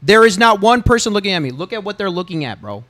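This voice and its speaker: High, lively, bright-voiced man coaching. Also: quick pace, no room sound, studio quality. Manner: emphatic and repetitive, swears, keeps saying "bro". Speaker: gamer coaching through his own gameplay. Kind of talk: excited gameplay review.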